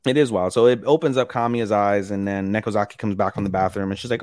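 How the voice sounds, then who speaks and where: A man's voice: on the low side, fast, few pauses, a little mellow, dry recording. A man co-hosting a podcast, casually recapping anime episodes in a rambling way, with lots of fillers. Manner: rambling, many fillers, acts out characters' lines. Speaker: podcast co-host.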